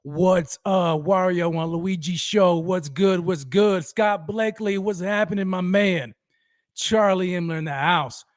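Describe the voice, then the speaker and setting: A man hosting a sports fan livestream, reading out viewers in an excited, high-energy roll call. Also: a little slow, no room sound, clean studio sound. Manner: hyped, energetic shout-outs to viewers.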